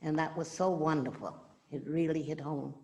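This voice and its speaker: A woman's voice: deep voice, steady tone, normal speed, a little mellow, in a large hall. An older woman telling a heartfelt, rambling personal story in a casual way. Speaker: gift recipient sharing a story. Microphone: video call audio.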